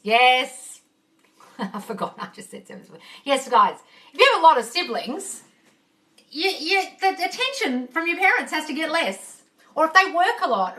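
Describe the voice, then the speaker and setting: A woman's voice: on the high side, pushed and bright. A woman manifesting coach answering viewer questions live on her phone. She swears freely and calls her viewers darling. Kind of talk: live Q&A chat. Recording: slightly distant from mic.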